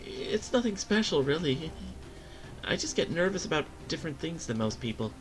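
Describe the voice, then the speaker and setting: A man's voice: fairly high pitch, sing-song, moderate pace, faint music behind, voice pushed up, rough recording. A man voicing a nervous, apologetic young woman who keeps saying sorry. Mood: modest. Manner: nervous, self-deprecating, apologetic.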